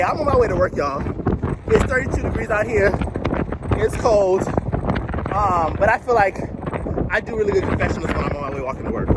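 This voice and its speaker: A young man talking candidly to his phone while walking outdoors on a cold, windy street, rambling and laughing as he shares his thoughts. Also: high voice. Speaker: vlogger. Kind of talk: casual confessional vlog. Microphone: phone held at arm's length.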